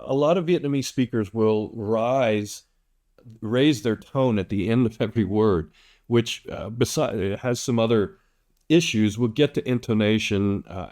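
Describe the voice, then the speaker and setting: A man with a low voice leads an English pronunciation lesson at a very unhurried pace. He breaks practice sentences into single, deliberately overpronounced words. Between them he explains in a relaxed way, full of ums and uhs.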